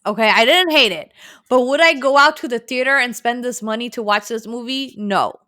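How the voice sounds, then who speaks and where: A woman's voice: a little high, brisk, bright, forceful tone. A woman co-hosting a casual podcast chat, giving blunt opinions, teasing her co-host and talking straight to viewers.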